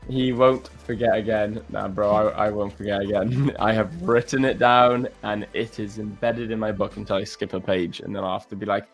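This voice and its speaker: A man's voice: on the low side, fairly even intonation, normal speed, few pauses, soft background music. A man hosting a live stream, joking around, laughing often and calling people bro and mate. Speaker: stream host. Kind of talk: casual banter on a live stream.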